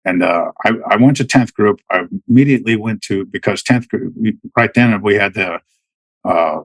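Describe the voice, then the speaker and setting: A man's voice: lowish voice, normal speed, breathy edge, no echo, low-quality recording. A middle-aged man, a military veteran, telling stories as a podcast guest in a rambling way, full of restarts and fillers. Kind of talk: casual storytelling.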